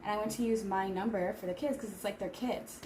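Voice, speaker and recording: A woman's voice: mid-range voice, fairly even intonation, fast talker, noisy background. A woman in her thirties chatting casually on a vlog while eating, rambling with lots of filler words. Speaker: vlogger. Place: home in Seoul.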